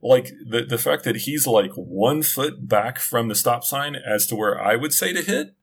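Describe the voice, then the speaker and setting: A middle-aged man on a podcast speaks at a slightly slow pace in a medium-pitched voice that's a bit rough, with vocal fry and lively intonation. His casual, rambling story keeps breaking off into restarts and asides.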